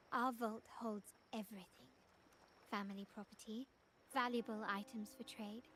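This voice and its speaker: An actress voicing a poised young noblewoman and family heir in a video game, speaking in a composed, measured, commanding way. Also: fairly high pitch, slight background noise, close to an everyday voice.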